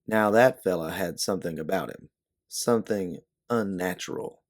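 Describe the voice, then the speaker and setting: A man voicing a large doorman who speaks gravely and ominously. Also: sits low, moderate pace. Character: big watchful doorman, grave and knowing.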